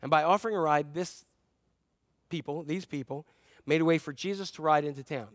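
A man preaching a sermon as a pastor, telling stories in an animated way and acting out scenes with playful humor. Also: a little high, a little fast, no echo, clean studio sound.

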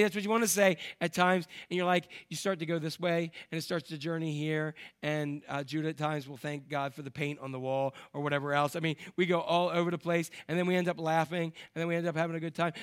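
Male pastor, higher voice, lively sermon delivery with big swings in volume. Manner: animated storytelling, swings between loud emphasis and quiet asides.

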